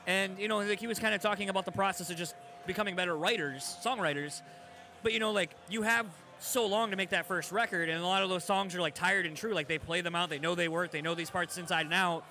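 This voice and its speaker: High, bright-voiced male host. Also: steady tone, fast talker. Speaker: podcast host. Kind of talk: casual interview chat.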